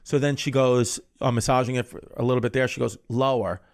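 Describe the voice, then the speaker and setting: A man spins a long, crude anecdote in loose, casual podcast chat. He strings it together with 'he goes' and 'I was like', restarting sentences as he goes, and swears bluntly. His voice sits at an ordinary middle pitch. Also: little pitch movement, fairly quick. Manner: rambling storyteller, quoting people with 'he goes'.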